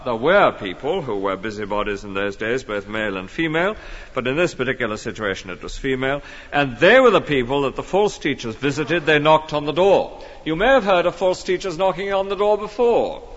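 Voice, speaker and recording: A man's voice: medium pitch, fairly bright tone, long reverb tail, lo-fi sound. A man preaching an expository sermon in an earnest, emphatic way. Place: church.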